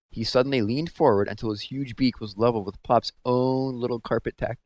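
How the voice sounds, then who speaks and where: A man reading a children's book aloud with expressive storytelling, close to the mic. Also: mid-range voice, brisk, hardly any pauses, no echo. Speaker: read-aloud host.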